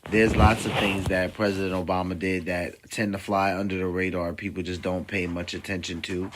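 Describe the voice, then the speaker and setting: Chill stream host guy, lowish voice, rambly casual talk. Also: level tone, brisk, slight background noise. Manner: conversational, rambling, uses many fillers. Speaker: livestream host. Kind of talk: casual reaction stream commentary.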